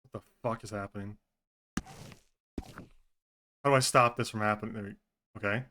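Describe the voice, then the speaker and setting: A man's voice: lowish voice, steady tone, normal speed, sharp tone, slight background noise. A male streamer chatting casually during a roleplay stream, laughing and swearing freely.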